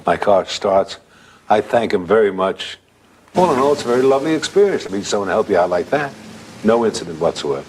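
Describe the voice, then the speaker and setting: A man's voice: fairly low pitch, expressive, brisk, a little hiss or hum. An older man telling a ghost story from his own life in a conversational way.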